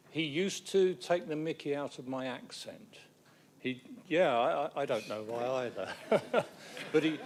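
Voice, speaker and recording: Wry low-voiced man in council chamber. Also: a little hiss or hum. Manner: anecdotal, wry, stumbles on repeated words. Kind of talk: council meeting tribute speech.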